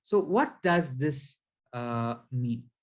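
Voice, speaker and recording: A man giving a spiritual lecture over slides, explaining slowly and deliberately with frequent fillers. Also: mid-range voice, animated, rough recording. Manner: counts syllables aloud one by one. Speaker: spiritual teacher.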